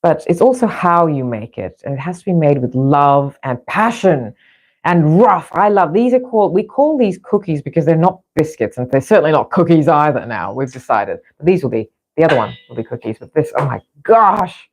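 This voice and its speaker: A woman's voice: low-pitched, animated, moderate pace, darkish tone. Chatty rambling woman vlogger. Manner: chatty and rambling, with many restarts. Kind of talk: casual chat.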